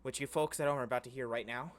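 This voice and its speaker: A man's voice: medium pitch, fairly even intonation, very fast. A young man hosting a podcast in casual chat, telling a story in a chatty way with casual swearing. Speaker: podcast host.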